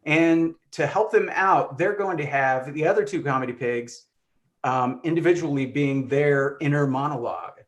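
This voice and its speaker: A man's voice: on the high side, moderate pace. A man directing a live online improv comedy show, upbeat and full of fillers.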